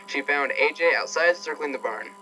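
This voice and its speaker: A man's voice: on the high side, moderate pace, bright, forceful tone, soft background music, rough recording. A man doing a comedic reading of fan fiction aloud, irreverent and swearing, often breaking off to laugh.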